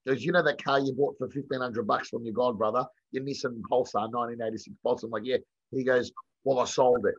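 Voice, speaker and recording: An Australian man, a podcast guest, chatting casually and telling lively stories, acting out dialogue and swearing now and then. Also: mid-range voice, quick pace. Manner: animated storyteller, acts out quoted dialogue, swears casually. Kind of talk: casual storytelling chat. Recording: dull lo-fi sound.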